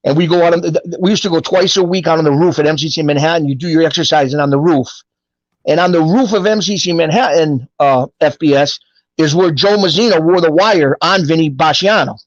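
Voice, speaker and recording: A middle-aged man tells stories from his life in a casual, animated way and acts out the voices of people he quotes. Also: fairly high pitch, fairly quick, no room sound, highs cut off. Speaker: guest telling his life story. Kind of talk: casual storytelling.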